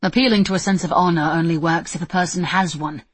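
A woman's voice: fairly low pitch, steady tone, fast, husky, no echo. A woman reading a whiny cowardly young man. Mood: sly. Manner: complaining, whining.

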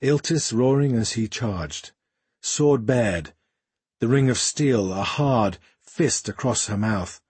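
A man reads an audiobook aloud in a steady storytelling manner. His voice is husky and breathy at the edges, at an ordinary pitch. The recording is dry and close. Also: takes it slowly, no echo. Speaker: audiobook narrator. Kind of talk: scripted narration.

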